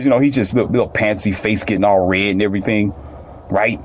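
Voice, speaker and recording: A man's voice: on the low side, fast talker, slight background noise. A man telling a personal story in casual, colloquial speech, repeating phrases and addressing listeners directly.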